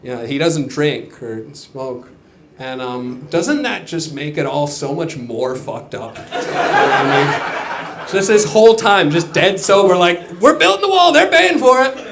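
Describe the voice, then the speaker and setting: A man's voice: on the high side, lively intonation, measured pace, a little hiss or hum. Loose, rambling stand-up comedian man. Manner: loose, rambling, conversational asides. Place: comedy club stage. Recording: echoey club with crowd laughing.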